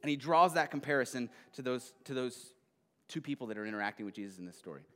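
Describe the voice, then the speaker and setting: A man's voice: mid-range voice, animated, fast talker, pushed and bright, in a large hall. A man preaching a casual sermon in a conversational, rambling way, with a lot of fillers, asides and check-ins with his listeners. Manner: conversational, rambling, frequent "right?". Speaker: pastor.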